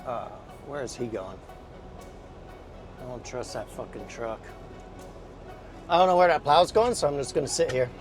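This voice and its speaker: A man streaming a driving game, talking through each move and swearing loudly in frequent exasperated outbursts. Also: medium pitch, moderate pace, pauses often, music in the background. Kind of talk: live gameplay commentary.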